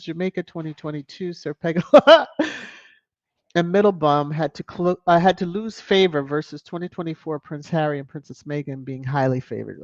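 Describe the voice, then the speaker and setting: A chatty live stream host reads viewer comments aloud and laughs often, in an animated way. The audio is dull and lo-fi with a dry, close sound and no room echo. The voice sits at a middle pitch.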